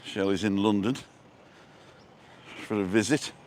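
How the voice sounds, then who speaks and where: A man's voice: fairly low pitch, fairly even intonation, unhurried, darkish tone, slight background noise. A middle-aged man hosting a casual live stream as he walks outdoors through town streets, chatting and reading out viewer comments with a joking manner.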